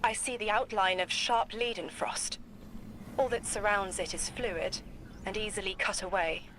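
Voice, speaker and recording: An actress playing a grave, visionary seer who speaks in measured riddles, as video game dialogue. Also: female voice, medium pitch, fairly even intonation, fairly bright tone, a little hiss or hum, natural voice. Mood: cryptic. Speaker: mystic guide character. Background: game music.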